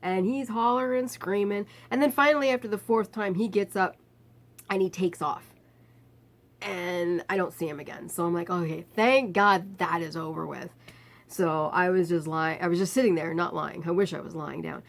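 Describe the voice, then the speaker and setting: Speaking at a normal speed in a voice on the low side, a female vlogger recounts a personal story on camera. She brings its characters to life with animated impressions, then turns weary and quiet when talking about her pain.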